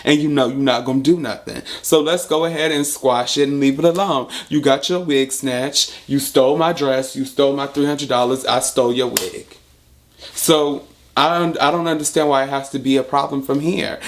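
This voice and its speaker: A man telling a story in a casual vlog monologue, blunt and profane, repeating points for emphasis. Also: medium pitch. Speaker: storyteller vlogger.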